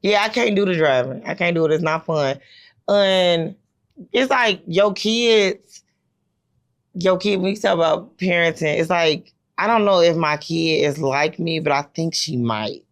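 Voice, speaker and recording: A woman's voice: lowish voice, a little slow. A woman in her thirties hosting a podcast, telling rambling stories with lots of fillers in casual chat. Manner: rambling, storytelling with many fillers. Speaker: podcast host.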